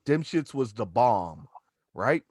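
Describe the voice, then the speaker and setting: Animated man telling comic stories. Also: mid-range voice, takes it slowly, breathy edge, no room sound, studio quality. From Chattanooga, Tennessee. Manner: animated, profane, acts out quotes. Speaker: stand-up comedian, guest. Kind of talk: comedic storytelling.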